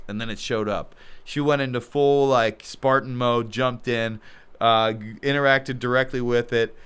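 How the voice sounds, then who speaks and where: A man with a smooth, clear voice tells a story in a casual podcast chat. He gets animated and acts out what people said, with frequent laughs along the way. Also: mid-range voice, normal speed. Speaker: podcast guest, underwater cameraman.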